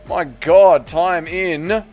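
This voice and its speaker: Upbeat Australian man, fairly high voice. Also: steady tone, extremely slow, a little mellow, faint music behind. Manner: upbeat, greets chat viewers by name, chatty and rambling. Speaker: live stream host. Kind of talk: casual live stream chat.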